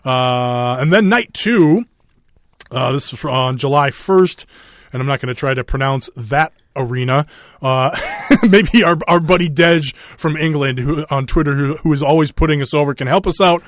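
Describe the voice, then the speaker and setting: Minnesota guy hosting a podcast, kinda high voice, lots of uh's, dry close mic. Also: moderate pace, no room sound. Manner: rambling, many fillers, swears and laughs. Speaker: podcast host. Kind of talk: casual chat.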